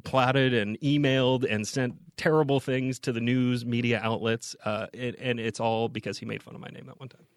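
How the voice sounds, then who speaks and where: A man co-hosting a podcast, telling an anecdote in an animated, casual way from a podcast booth. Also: medium pitch, moderate pace, few pauses, dry recording. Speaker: podcast co-host. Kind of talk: casual chat.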